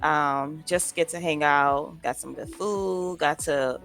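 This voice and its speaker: Bright-voiced woman from Louisiana. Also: deep voice, slow pace, soft background music. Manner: easygoing, laughs often. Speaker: guest streamer. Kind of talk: casual interview chat.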